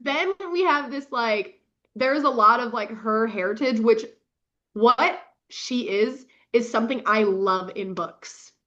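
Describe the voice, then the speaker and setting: A young woman hosts a casual book podcast, gushing over plot twists, swearing freely and breaking into quick laughs. Her voice sits a little high. The recording sounds dull and lo-fi. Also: a bit bright. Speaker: podcast host. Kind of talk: casual book review chat.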